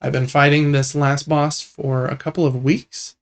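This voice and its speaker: Gravelly young man chatting about games. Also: medium pitch, moderate pace. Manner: relaxed, rambling, enthusiastic about games. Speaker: podcast co-host. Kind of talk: casual gaming podcast chat.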